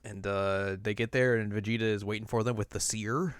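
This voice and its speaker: A young man hosting a casual podcast, recapping an anime episode and acting out the characters in high, silly voices. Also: steady tone, fairly quick, clean tone, no room sound, studio quality. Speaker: podcast host.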